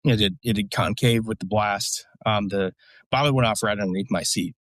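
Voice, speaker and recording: A man's voice: fairly low pitch, moderate pace, a bit bright, dry recording. A man, a military veteran guest, telling a story casually in a blunt, profane, rambling way with lots of fillers.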